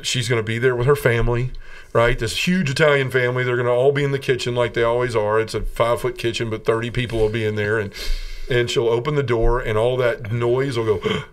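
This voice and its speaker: The clear, resonant, medium-pitched voice belongs to a middle-aged Southern American man giving his personal testimony on a podcast. Telling his conversion story earnestly, he acts out others' voices and laughs between lines, heard through a distant mic.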